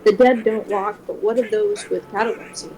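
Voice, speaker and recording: A woman's voice: mid-range voice, normal speed, low-quality recording. Woman reading a gothic horror novel. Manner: steady first-person reading, occasional swearing asides. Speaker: streamer.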